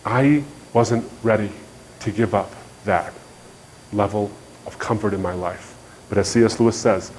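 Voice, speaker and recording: Animated middle-aged man telling his testimony. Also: fairly low pitch, a little slow, a little hiss or hum. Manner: animated storytelling, acting out dialogue. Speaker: Christian speaker. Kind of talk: personal testimony talk.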